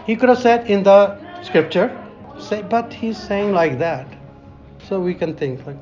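Slow, musing Bible teacher, lo-fi. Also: medium pitch, lively intonation, darkish tone, faint music behind. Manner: slow, musing delivery quoting scripture in old-fashioned wording. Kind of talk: informal Bible teaching in conversation.

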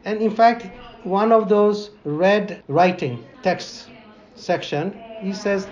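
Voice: medium pitch, takes it slowly, darkish tone, lo-fi sound. A Bible teacher speaking informally in a conversation, quoting scripture in old-fashioned wording and speaking English with non-native grammar.

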